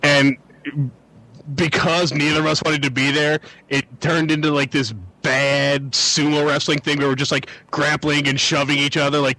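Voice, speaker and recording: A man's voice: fairly high pitch, level tone, normal speed, sharp tone, low-quality recording. A man co-hosting a casual chat, telling a story in a hesitant, self-deprecating way with stammered restarts. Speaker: podcast co-host.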